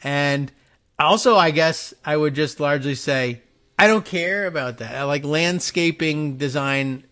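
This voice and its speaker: A man's voice: on the high side, measured pace, a bit bright. A man hosting a talk show, thinking aloud in a casual, rambling monologue, wry and self-mocking as he wanders off topic. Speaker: radio show host.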